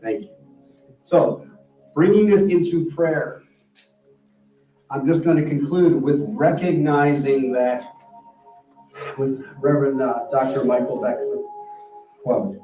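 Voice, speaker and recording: A man's voice: medium pitch, slow pace, pauses often, dark tone. A man who is a minister, delivering a sermon and leading a prayer with an earnest manner. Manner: earnest, leads the congregation in affirmation. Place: church sanctuary. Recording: roomy, distant mic in a church hall with faint music.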